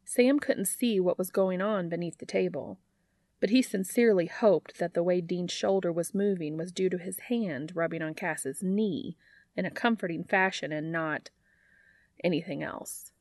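A woman's voice: fairly low pitch, moderate pace, darkish tone, no echo. A woman narrating fan fiction aloud in a wry, dry storytelling manner.

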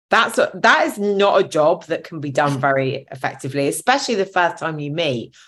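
Give me a deep-voiced woman interviewer chiming in briefly. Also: lively intonation, moderate pace, fairly bright tone. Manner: brief reactive backchannels. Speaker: podcast host. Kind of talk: casual interview chat.

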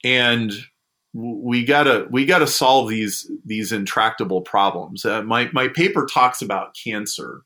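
A man talks through ideas in a relaxed podcast conversation. His voice is bright and forceful, and he slips into the voices of people he quotes as he tells his stories. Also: mid-range voice, unhurried. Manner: animated storyteller, acts out quoted people. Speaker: guest discussing a science prize.

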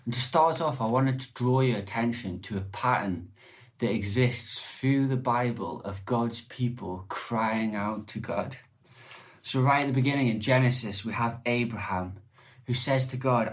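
A man's voice: mid-range voice, moderate pace. A man preaching a sermon in church, earnest and conversational, with occasional restarts. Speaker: lay preacher.

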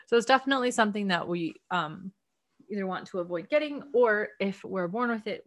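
A woman leading a casual book study discussion, thinking aloud in a chatty, earnest way with soft laughs. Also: on the low side. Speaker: study group discussion leader.

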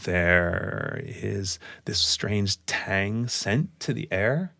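A man's voice: lowish voice, animated, extremely slow, creaky, sharp tone, dry recording, clean studio sound. A man narrating a tabletop game as game master, describing scenes in a loose, descriptive way. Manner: descriptive, fillers like "like".

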